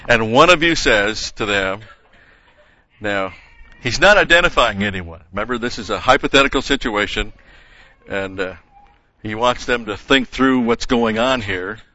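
A man teaching a verse-by-verse Bible lesson, methodical, explaining grammar and pausing with "okay?" and "uh". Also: lowish voice, lively intonation, pushed and bright, highs cut off.

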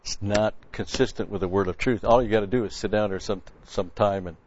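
A man's voice: lowish voice, fairly even intonation, brisk, a little mellow, lo-fi sound, a little hiss or hum. A man preaching a conversational sermon, folksy and blunt, quoting scripture and restarting his sentences often.

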